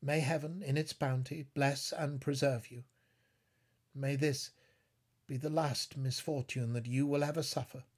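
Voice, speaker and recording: A man reading aloud, voicing a gentle, resigned young woman facing death in a storybook reading. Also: fairly high pitch, unhurried, husky. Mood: tender.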